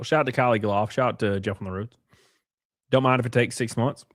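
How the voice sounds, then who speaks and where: A young man talks loosely to his live-stream audience, swearing and laughing as he riffs on viewer comments. His voice sits in an ordinary middle pitch and sounds dry and close, with no room around it. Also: steady tone, brisk, no echo. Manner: crude, joking, laughs often. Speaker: livestream host.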